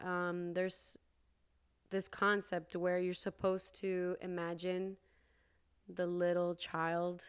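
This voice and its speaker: A young woman talks through her own podcast in an unhurried, earnest way, lingering over her words. She often jumps up into high, emphatic bursts before settling back down. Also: clear, resonant tone. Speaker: podcast host. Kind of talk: casual solo podcast talk.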